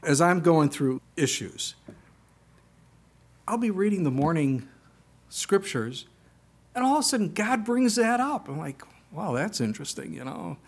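A man preaching a sermon in a conversational way, reading scripture aloud and now and then breaking into animated exclamations. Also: high-pitched, measured pace, pauses often, breathy edge. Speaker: pastor.

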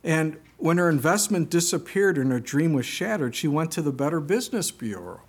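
A man preaching a sermon in a conversational way, reading scripture aloud and now and then breaking into animated exclamations. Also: fairly high pitch, brisk, breathy edge. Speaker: pastor.

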